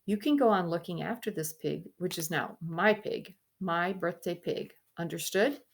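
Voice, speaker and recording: A spoiled little princess with a bossy, sulky way of giving orders, as a woman puts her on. She is pitched a touch low and speaks in demands, a storybook brat used to getting her way. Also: moderate pace, lightly acted.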